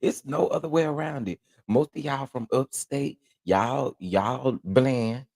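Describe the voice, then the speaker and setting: A man from Texas with a Southern accent, hosting a casual morning livestream, chatting and reading viewer comments with lively, laughing exclamations. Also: slow pace, creaky, dry recording, studio quality. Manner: animated, laughing, jumps into high exclamations. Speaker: livestream host.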